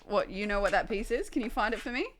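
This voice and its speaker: A woman's voice: medium pitch, fast talker. A young woman casually chatting on a livestream at home, distracted by her dogs, swearing and laughing.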